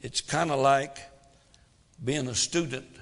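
A man preaches slowly and deliberately, his bright, forceful voice rising and falling dramatically. He moves between loud emphasis and hushed asides. The sound rings out in a hall with long reverb. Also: medium pitch, steady tone. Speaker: pastor. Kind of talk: sermon.

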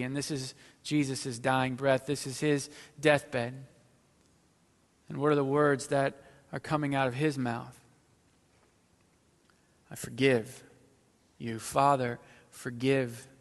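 A male pastor at mid pitch delivers a sermon, reading scripture and then pressing his points with slow, weighted pauses. His lines often sink to a near hush. The voice carries a long reverb tail, as in a large church sanctuary. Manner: reads scripture then preaches with slow, emphatic pauses and quiet, hushed lines.

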